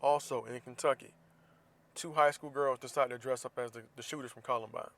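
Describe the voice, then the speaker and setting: A man's voice: medium pitch, fairly even intonation, a little fast, fairly bright tone. A man from Florida hosts a podcast, talking alone in a casual monologue. His delivery is blunt and heated, with plenty of profanity. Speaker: podcast host.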